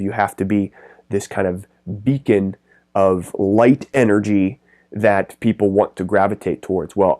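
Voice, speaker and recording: A middle-aged man coaching pet business owners straight to camera, talking in quick, energetic, rambling bursts. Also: lowish voice. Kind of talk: direct-to-camera business advice.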